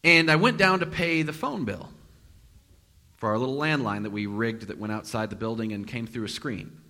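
A man preaching a sermon, telling a personal story and acting out the quotes with sudden loud and hushed turns. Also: medium pitch, normal speed. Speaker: pastor. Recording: long reverb of a large hall.

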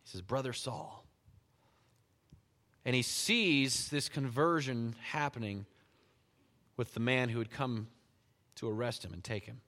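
A man preaching a sermon, reading scripture and retelling it in animated storytelling style with frequent chuckles. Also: mid-range voice, moderate pace. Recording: long hall reverb.

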